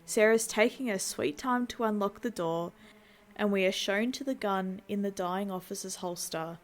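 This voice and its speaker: A woman's voice: medium pitch, normal speed. A woman hosting a horror channel, reading a scripted scene-by-scene film recap and dropping in wry asides. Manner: wry asides between plain plot retelling.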